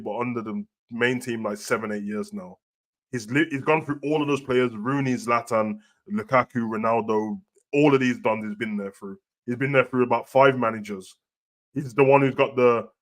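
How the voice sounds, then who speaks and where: A man, chatting casually and animatedly about football and boxing as a podcast host, dropping slang constantly. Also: mid-range voice. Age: adult with a young son. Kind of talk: casual chat.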